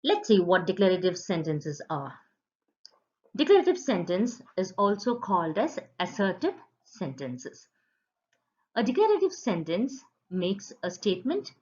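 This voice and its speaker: A woman teacher giving an online grammar lesson to children, in a patient, sing-song teaching voice. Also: medium pitch. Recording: dull lo-fi sound.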